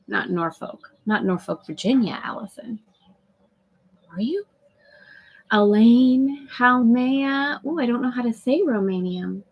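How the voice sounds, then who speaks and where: Breathy, effusive woman chatting live. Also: fairly high pitch, lively intonation, a little slow, lo-fi sound. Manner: chatty and effusive, laughs often, greets viewers by name. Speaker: host of a live spiritual women's group call. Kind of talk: casual live-stream chat. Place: aboard a sailboat at anchor.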